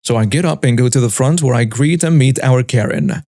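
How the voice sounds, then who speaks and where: A man's voice: mid-range voice, warm tone, no echo, clean studio sound. A man narrating a written online story and acting out its characters. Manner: brisk storytelling that acts out each character. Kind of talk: scripted narration of a reddit story.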